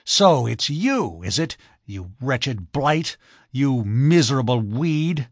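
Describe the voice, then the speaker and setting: A man voicing an irritable older millionaire who blusters loudly and contemptuously. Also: medium pitch, very animated, slow pace, husky, no echo, clean studio sound, heavily acted. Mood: scornful.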